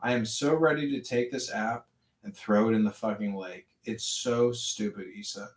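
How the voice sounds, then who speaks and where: A man holding forth on spirituality in a preachy, rambling manner, calm one moment and fervent the next. He sounds set back from the mic, and the capture rings with echo. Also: on the low side, moderate pace. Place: online audio chat room. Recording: echoey, distant audio-room capture.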